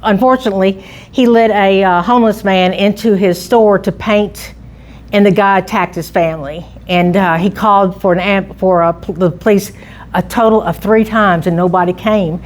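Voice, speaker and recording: A woman's voice: medium pitch, fairly even intonation, normal speed. A middle-aged woman giving an informal public talk on local history, chatty and full of restarts and asides.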